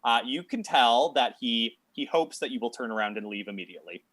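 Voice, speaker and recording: Running a tabletop game, a male game master narrates in fits and starts, full of fillers and restarts. His mid-range voice is slightly bright with lively intonation, and there is no echo.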